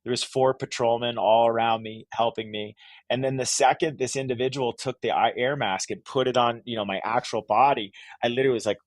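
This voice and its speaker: A man's voice: mid-range voice, fairly even intonation, fairly quick, no echo. Male podcast guest from Vermont, middle-aged, chatty and meandering, dry close mic. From Vermont, USA. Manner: rambling, lots of "like" and "you know", restarts. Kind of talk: casual podcast chat.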